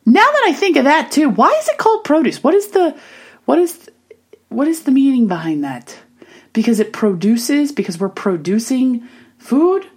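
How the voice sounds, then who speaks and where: A woman's voice: high voice, moderate pace, husky. A woman in her thirties vlogging casually to camera, telling a chatty story and giving upbeat, motivational pep talk. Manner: animated, chatty storytelling with acted-out self quotes.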